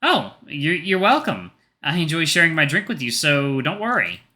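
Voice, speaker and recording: Visual novel role: a man reading a bashful, joking young guy, bright sharp voice, lively. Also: on the high side, moderate pace, voice pushed up, exaggerated voice. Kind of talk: visual novel read aloud.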